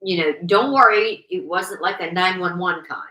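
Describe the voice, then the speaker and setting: Female co-host with a bright voice, chatty and playful, recorded in an echoey room. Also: on the low side, normal speed. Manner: chatty and playful, with jokey asides. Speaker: podcast co-host. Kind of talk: casual chat.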